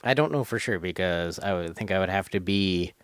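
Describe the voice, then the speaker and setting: A man co-hosting a podcast in casual chat, measured and thoughtful, with hesitant fillers. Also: deep voice, smooth, dry recording, clean studio sound. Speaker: podcast co-host.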